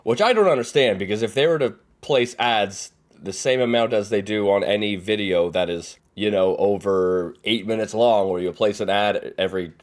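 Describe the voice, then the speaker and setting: A young man hosting a reaction video, making rambling, unsure asides. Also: lowish voice. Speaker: reaction channel host. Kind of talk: casual reaction commentary.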